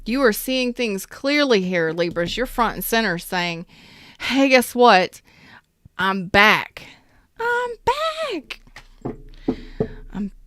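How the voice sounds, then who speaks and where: A woman's voice: mid-range voice, clear, resonant tone, dry recording, studio quality. A woman giving a casual, chatty tarot reading, speaking straight to her viewers in an upbeat, emphatic way. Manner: chatty, addresses viewers directly. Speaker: tarot reader.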